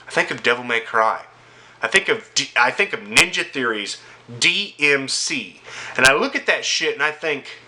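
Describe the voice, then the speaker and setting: Furious swearing young man ranting about games. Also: mid-range voice. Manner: angry, sarcastic, swears constantly, yells at peaks. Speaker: gaming vlogger. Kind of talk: profane gaming rant to camera.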